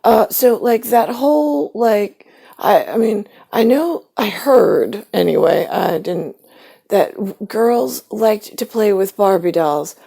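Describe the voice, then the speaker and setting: Gravelly, husky woman telling a rambling story. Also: mid-range voice, animated, slow, warm tone. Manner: rambling, wry, acts out quoted relatives. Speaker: vlogger.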